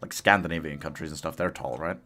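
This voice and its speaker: A man's voice: extremely low pitch, steady tone, fast talker, sharp tone, faint music behind. A man streaming a game live, chatting casually with his chat, laughing often and coaxing his companion along. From United Kingdom.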